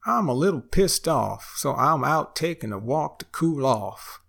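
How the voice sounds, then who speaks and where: A man doing folksy neighbor, gravelly. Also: on the high side, big pitch swings, unhurried, a bit bright, full character voice. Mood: upset. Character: down-on-his-luck Texan man, neighborhood friend.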